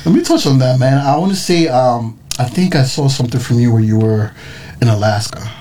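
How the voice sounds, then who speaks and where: A man hosting a casual podcast talks at a quick clip, piling up asides as he tells a story. Faint room ambience sits behind his voice. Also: mid-range voice, slight background noise. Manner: animated storyteller, quick and chatty. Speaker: podcast host. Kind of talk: casual chat.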